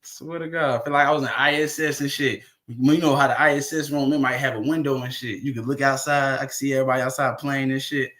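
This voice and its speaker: A man's voice: medium pitch, steady tone, quick pace, few pauses, fairly bright tone. A man hosting his own livestream, chatting casually, rambling and swearing freely as he talks to viewers. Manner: profane, rambling, laughing between remarks. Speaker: livestream host.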